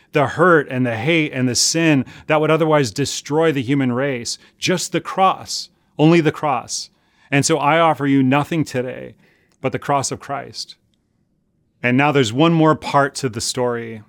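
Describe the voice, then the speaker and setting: Male pastor, mid-pitched, earnest sermon delivery with emphatic repeats; dry, close recording. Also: no echo. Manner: earnest, deliberate, with emphatic repetition.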